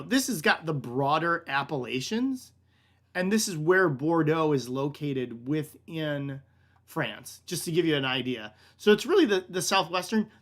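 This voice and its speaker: An American wine shop director hosts a laid-back online tasting class, rambling and calling his listeners "man." He leans heavily on fillers like "like," "kinda" and "um." His voice is fairly high-pitched with a fairly bright tone.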